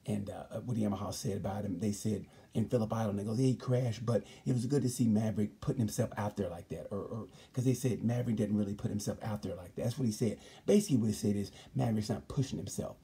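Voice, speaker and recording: A man's voice: fairly low pitch, mellow, breathy edge. A man hosting a comedic motorsport review, rambling and emphatic, often stopping to say "let me tell you something". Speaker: host. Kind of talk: comedic sports commentary.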